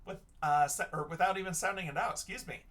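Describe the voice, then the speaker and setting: A man's voice: high voice, fast talker, fairly bright tone. A male teacher giving a recorded reading lesson for children, patiently sounding out words letter by letter.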